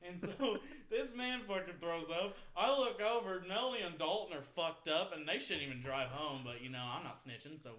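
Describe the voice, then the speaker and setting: Twenties male podcast host, slightly high-pitched, loose and profane, rambles through stories with frequent laughter. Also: moderate pace, few pauses, a bit bright. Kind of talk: casual storytelling chat.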